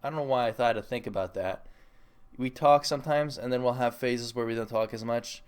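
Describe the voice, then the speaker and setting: A man's voice: medium pitch, fairly even intonation, brisk, clean tone. A young man hosting a solo podcast, chatting casually in a rambling, self-mocking, jokey way. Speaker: podcast host.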